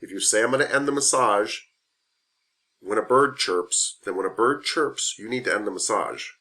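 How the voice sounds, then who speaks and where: A man's voice: on the low side, normal speed, bright, forceful tone. A man teaching a massage therapy class in a classroom, speaking frankly and conversationally and repeating his key points. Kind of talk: classroom lecture.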